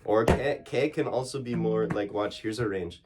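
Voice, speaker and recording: A man giving a relaxed one-on-one drum lesson, explaining strokes in halting phrases and singing out the drum syllables. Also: on the low side. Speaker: drum teacher. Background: drumming.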